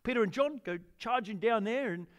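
A male pastor delivering a sermon in a church hall, his voice sitting high. He talks in an eager, conversational way, tossing questions to the congregation as he goes. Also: a little fast. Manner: enthusiastic, conversational, asks the audience questions.

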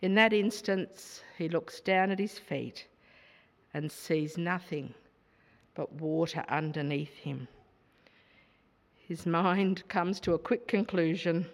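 Woman preacher, sermon, slow measured delivery, rhetorical questions, long hall reverb. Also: fairly low pitch.

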